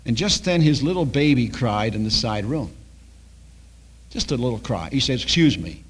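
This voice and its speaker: A man's voice: medium pitch, expressive, moderate pace, husky. An older man preaching a sermon as a pastor, telling stories and acting out the dialogue.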